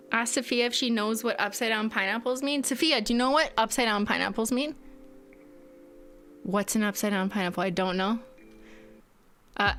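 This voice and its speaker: A woman in her late twenties chats casually while opening fan mail on a live stream. Her voice sits a little high and she speaks slowly, with swearing and frequent laughter. Music plays clearly underneath. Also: pushed and bright. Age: late 20s.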